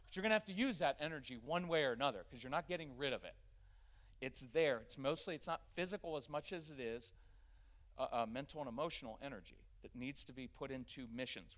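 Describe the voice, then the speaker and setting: A middle-aged man giving a live workshop talk in a church, energetic and conversational. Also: mid-range voice. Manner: energetic and conversational, acting out quick family scenes. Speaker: parenting workshop speaker. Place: church gathering with a live audience.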